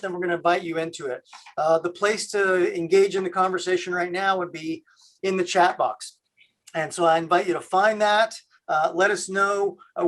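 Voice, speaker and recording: A man from Canada hosting a video call, talking in a halting way with many fillers. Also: high voice, a bit bright. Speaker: host.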